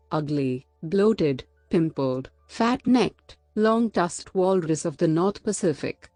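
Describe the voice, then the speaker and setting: Calm woman reading a storybook. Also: lowish voice, dry recording.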